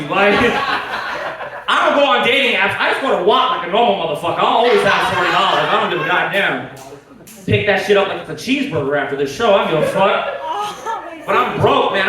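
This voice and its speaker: A man doing a crude stand-up set, laughing at his own jokes and swearing a lot. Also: sits high. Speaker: stand-up comedian. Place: comedy club stage. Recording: echoey club, distant mic, crowd noise.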